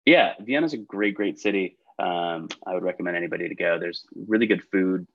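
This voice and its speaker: A man's voice: low voice, fairly quick, lo-fi sound. A man hosting a trivia quiz over a video call, reading questions and tossing in chatty, upbeat asides between them. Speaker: quiz show host.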